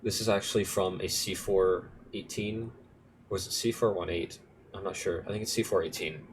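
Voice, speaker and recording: Against slight background noise, a young music producer whose voice sits low gives a laid-back screen-recorded tour of his project file. He wanders from point to point in an offhand way, catching and correcting himself as he talks.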